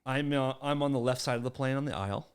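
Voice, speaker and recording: Full of energy, this podcast co-host swaps stories in a casual chat, swears without restraint and pokes fun at the other hosts. He speaks quickly in a smooth, medium-pitched voice.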